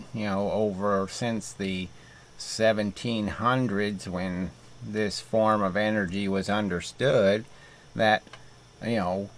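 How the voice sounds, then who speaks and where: A calm, deadpan science host, as a man puts him on in a comic mock interview. The voice sits low and the talk crawls along, halting on fillers and restarts. The tone stays unbothered and matter-of-fact throughout. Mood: patronizing. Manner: slow, rambling, halting with fillers.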